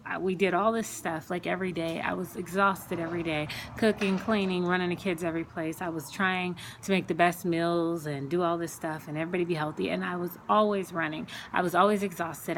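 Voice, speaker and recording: A woman with a slightly low voice tells her personal faith testimony, unscripted and earnest. She circles back, repeats words and leans on fillers as she talks. A faint ambient hum sits under the recording. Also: a bit bright. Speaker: Christian speaker sharing her testimony.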